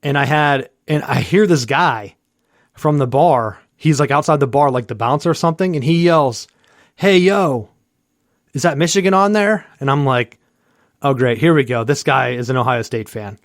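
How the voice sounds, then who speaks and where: A man in his thirties, co-hosting a sports podcast, tells a rambling story in a relaxed chat, voicing the people in it and using "like" and fillers constantly. His voice is mid-range at a moderate pace, and the studio sound is clean with no echo.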